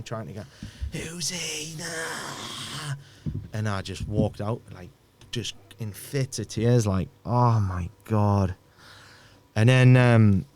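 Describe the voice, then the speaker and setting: Low-voiced man telling a painful story. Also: a little mellow, slight background noise. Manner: halting, repeats words, drops to a near-murmur. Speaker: podcast guest. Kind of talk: emotional personal storytelling.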